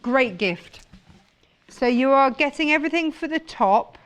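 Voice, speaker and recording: A woman's voice: high voice, expressive, unhurried, fairly bright tone. Gushing woman presenting products. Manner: enthusiastic, gushing over products. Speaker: shopping channel presenter. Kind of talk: live TV sales presentation. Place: TV studio.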